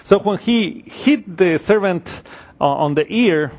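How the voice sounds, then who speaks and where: A man giving unhurried Bible teaching, pausing often with fillers and restarting sentences as he explains scripture. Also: sits high, expressive, a little mellow. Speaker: preacher.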